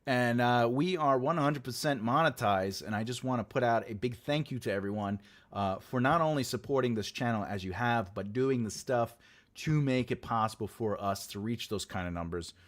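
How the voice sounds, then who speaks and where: A man's voice: mid-range voice, moderate pace. A man hosting a casual livestream, rambling and laughing as he chats and tells jokes. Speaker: livestream host.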